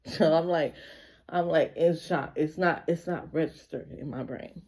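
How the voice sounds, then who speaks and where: Woman, storytime vlog, casual emotional retelling, vocal fry, mellow tone. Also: low voice, measured pace. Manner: casual, emotional retelling full of repeated 'like'. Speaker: vlogger.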